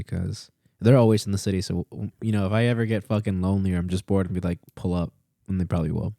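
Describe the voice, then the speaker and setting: Low, gravelly and fast-talking, a man in his early twenties co-hosting a podcast rambles through a story thick with swearing, acting out the quotes with animated energy. It's casual storytelling chat in studio quality, with no room sound.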